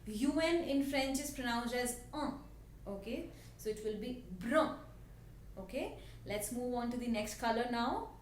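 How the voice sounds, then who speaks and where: A woman with an Indian English accent, teaching a language lesson slowly and patiently and repeating each word for her learners. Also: fairly high pitch, lively intonation. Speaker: French teacher. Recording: echoey room, voice a bit distant, faint background hiss.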